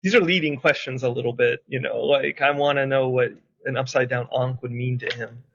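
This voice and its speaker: A man's voice: medium pitch, fairly even intonation, brisk, vocal fry, a bit bright, muffled recording. Man player asking probing questions. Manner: probing, asks repeated questions. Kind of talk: tabletop game play over voice chat.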